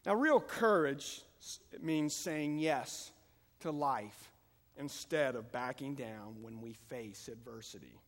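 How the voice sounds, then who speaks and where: A man preaching a sermon as pastor, moving between calm teaching and loud, fervent passages. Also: mid-range voice, takes it slowly. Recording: long hall reverb.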